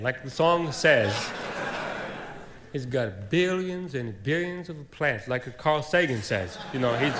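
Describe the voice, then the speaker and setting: Folksy stand-up comic, man, rambling easy storyteller, faint hiss of an old comedy record. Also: medium pitch. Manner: rambling folksy storytelling with fillers and plain grammar.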